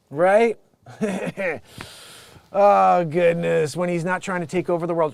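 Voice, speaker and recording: A man's voice: fairly high pitch, slow pace, gravelly, a little mellow, no echo. A man hosting a comedic news show, rambling and joking through headlines and laughing at his own bits. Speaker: talk show host.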